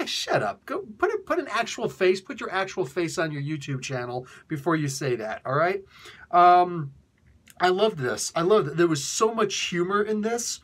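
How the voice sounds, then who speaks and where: A man casually reviewing a comic book for his video channel, excitable and rambling, laughing often. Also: a little high.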